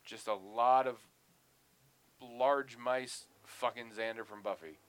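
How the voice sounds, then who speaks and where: A man co-hosting a podcast in casual chat, talking in an animated, profane way with bursts of mock outrage. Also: medium pitch, takes it slowly. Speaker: podcast co-host.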